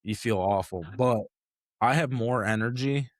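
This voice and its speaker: A man's voice: mid-range voice, a little slow, no echo, studio quality. A man chatting casually on a podcast, rambling with lots of fillers. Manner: relaxed, rambling with frequent fillers. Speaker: podcast host. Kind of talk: casual chat. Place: home podcast setup.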